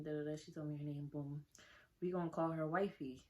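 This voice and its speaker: A young woman tells a personal story straight to camera. Her voice sits a little low, and she talks in a chatty, animated way, calling out to her viewers as she goes. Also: a little fast. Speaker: storytime vlogger.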